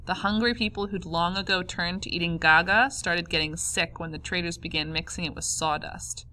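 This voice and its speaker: A woman narrating a memoir audiobook in a calm, measured way. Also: lowish voice. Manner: calm, measured, first-person memoir reading. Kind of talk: audiobook reading.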